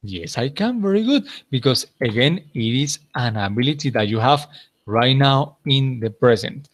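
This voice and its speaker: A man's voice: mid-range voice, lively intonation, moderate pace. A man teaching an English class, patiently repeating answers and praising his students.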